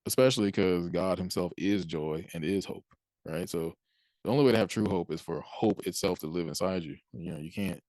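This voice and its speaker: Low-voiced man in casual faith talk. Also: brisk, a little mellow, no echo. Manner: conversational, acts out quoted reactions, chuckles often. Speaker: Christian speaker.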